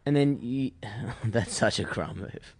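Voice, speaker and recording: A man chats as a podcast co-host, quick to sympathise and crack jokes, with casual swearing. His voice is mid-pitched and the sound is close and dry. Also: dry recording. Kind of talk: casual chat.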